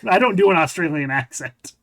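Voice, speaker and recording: A man's voice: on the high side, lively intonation, brisk, a bit bright. A man hosting a podcast, chatting casually and often restarting his sentences as he thinks aloud. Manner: rambling, self-correcting talk. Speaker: podcast host.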